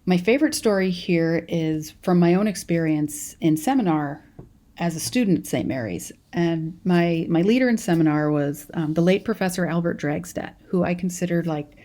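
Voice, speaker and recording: A young adult woman from California, with a Californian accent and a fairly low, dark voice, speaks at a moderate pace. As a college professor in a recorded lecture, she teaches in a chatty, storytelling style with frequent restarts.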